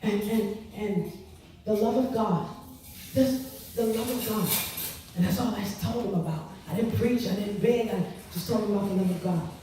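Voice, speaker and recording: A woman telling her testimony to an audience, expressive and repeating her words as she acts out what people said. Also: mid-range voice, normal speed. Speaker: speaker giving testimony. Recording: echoey room from far off with noise.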